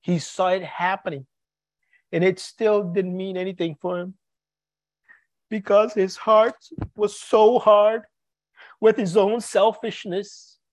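High-voiced earnest male preacher. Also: level tone, takes it slowly, pauses often, no echo. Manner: earnest, repeats words when searching for them. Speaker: pastor. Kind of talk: sermon.

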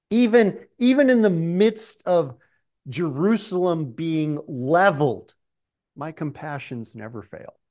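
A man preaching a sermon, slow and emphatic, often clearing his throat. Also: fairly high pitch, animated, a little mellow.

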